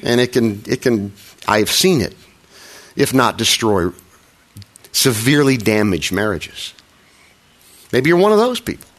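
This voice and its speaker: A man's voice: medium pitch, sing-song, a little slow, pauses often. A middle-aged man preaching a sermon as a pastor, talking in a conversational, self-deprecating way with frequent restarts and little acted quotes.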